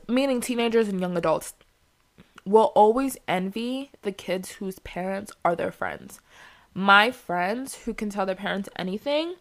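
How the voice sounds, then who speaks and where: Young woman host, candid solo podcast monologue; blunt, heated delivery, swears freely. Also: mid-range voice.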